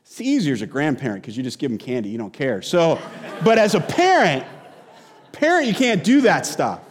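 A middle-aged man preaching a sermon as pastor, telling stories in a conversational, animated way. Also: high voice, long reverb tail.

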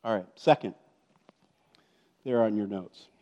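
A man's voice: fairly low pitch, a little slow, warm tone, highs cut off. A man preaching a conversational sermon as a pastor, with joking asides and frequent check-ins like "okay?" and "right?". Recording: long reverb of a large hall.

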